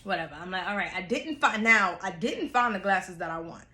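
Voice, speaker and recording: A young woman vlogger from New York, telling a storytime in a chatty, animated way with casual slang. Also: medium pitch, brisk, echoey room.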